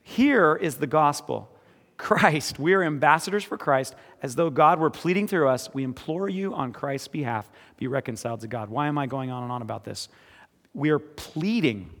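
A man preaching a sermon as pastor, moving between quiet, earnest reading and emphatic exhortation. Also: a little high, animated, normal speed. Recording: echoey hall with long reverb.

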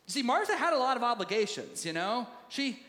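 A male pastor preaching a sermon in a conversational, animated way and laughing easily. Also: very high voice, fairly quick, big-room sound.

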